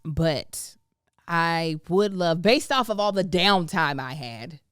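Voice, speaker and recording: A woman hosting a casual podcast chat, expressive, laughing often and drawing out words for emphasis. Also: lowish voice, slow pace, clean tone, no echo, studio quality. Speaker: podcast host.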